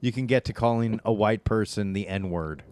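A man's voice: on the low side, normal speed, crowd noise. Blunt man riffing crudely on a podcast. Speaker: guest comedian. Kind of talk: casual comedy chat.

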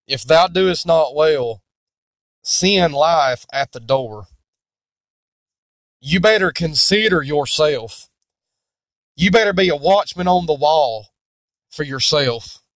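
Slow, earnest male preacher. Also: fairly high pitch, dry recording. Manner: deliberate, emphatic, earnest. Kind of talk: sermon-style Bible teaching.

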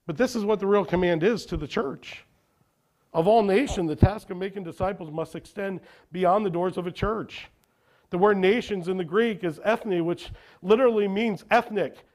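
High-voiced man preaching a sermon. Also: normal speed, a little mellow. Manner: asks the congregation questions and answers them. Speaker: pastor.

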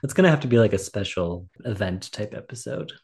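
A man's voice: on the low side, expressive, a little fast, darkish tone, breathy edge. A man co-hosting a casual podcast, chatty and laughing often, with hesitant restarts. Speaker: podcast co-host. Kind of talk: casual chat.

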